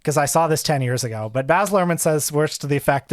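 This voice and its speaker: Man, film podcast co-host, casual chat, fairly high voice, stammering restarts, dry close mic. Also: fast, few pauses, no room sound. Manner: restarts a lot, swears for emphasis.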